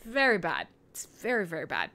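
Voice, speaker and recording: A young woman from Canada hosts a casual livestream show, rambling between topics and laughing often. Her voice is bright and jumps lively up and down in pitch. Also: fairly quick, gravelly. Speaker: livestream radio host. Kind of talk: casual livestream chat, reading chat questions.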